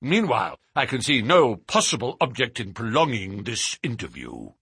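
A man's voice: mid-range voice, very animated, normal speed, fairly bright tone, breathy edge, no echo, clean studio sound, full character voice. A man voicing a big, pompous male country vicar who speaks indignantly.

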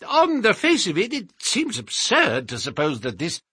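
A man's voice: high-pitched, huge pitch swings, moderate pace, sharp tone, slightly rough, no room sound, clean studio sound, pitched above the performer's own voice, full character voice. A man voicing a sullen, miserly older man who speaks in a querulous, grudging way.

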